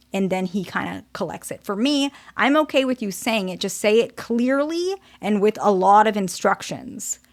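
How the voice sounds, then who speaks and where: A woman's voice: medium pitch, creaky. A woman therapist giving a casual, direct teaching talk, often checking in with "okay?".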